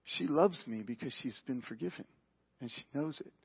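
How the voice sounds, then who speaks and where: Calm, soft-spoken Jesus figure, as a preacher puts him on, husky and low-key, lo-fi audio. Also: male voice, heavily acted. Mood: gentle. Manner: quiet, measured questioning. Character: calm, gently probing Jesus, adult man.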